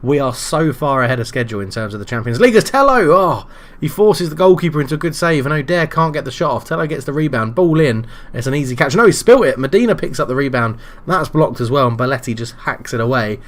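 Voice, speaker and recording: A man in a relaxed commentary, talking through a football management game at a middling pitch. He chats easily, pokes fun at himself, and lifts his voice when the action heats up. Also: quick pace. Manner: chatty, self-deprecating, excitable during play. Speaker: video game streamer.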